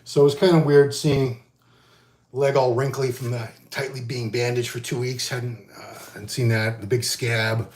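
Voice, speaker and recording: Man in his fifties, mid-pitched, loose conversational solo chat full of fillers. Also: level tone, moderate pace, darkish tone. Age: 50s. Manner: rambling, conversational, frequent fillers and restarts. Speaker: bodybuilding magazine host. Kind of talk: casual solo vlog chat.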